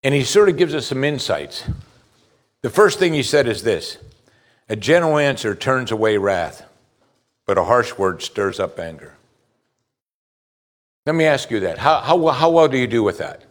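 A man's voice: medium pitch, big pitch swings, normal speed, long pauses. A man preaching a sermon as pastor, putting direct questions to his listeners with emphasis.

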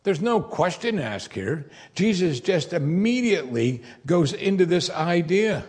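Animated male preacher, lively delivery. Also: high voice, a little slow. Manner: animated, conversational, playfully acts out quoted lines. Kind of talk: expository sermon.

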